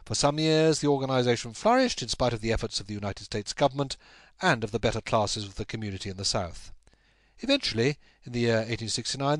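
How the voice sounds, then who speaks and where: A man narrating a classic story in a measured, steady audiobook style. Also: medium pitch, dry recording. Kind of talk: scripted narration.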